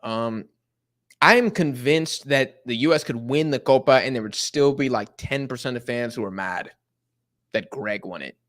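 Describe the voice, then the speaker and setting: A man's voice: medium pitch, moderate pace. A young American man casually chatting on a live soccer watch-along stream, reading out viewer messages in a loose, slangy way. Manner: animated, slangy, reading chat aloud.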